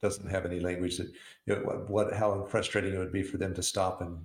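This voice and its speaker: A man co-hosting a casual talk show, telling stories in a relaxed way with frequent chuckles. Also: low voice, fast talker, creaky. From United States. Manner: relaxed storyteller, chuckles often. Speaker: co-host. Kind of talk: casual conversation. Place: Southeast Arizona. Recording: roomy echo.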